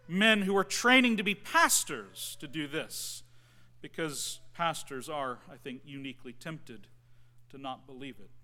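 A man in his forties preaching a conversational sermon, with frequent ums and phrase ends that trail off softly. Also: sits high. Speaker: pastor. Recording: long hall reverb.

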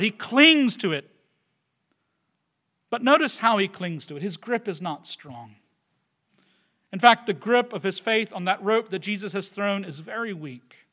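A man preaching a sermon with earnest delivery, moving from loud, stressed phrases to quiet asides and often turning to the listeners with questions like "right?". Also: high voice. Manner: addresses the listeners directly with tag questions. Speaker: pastor.

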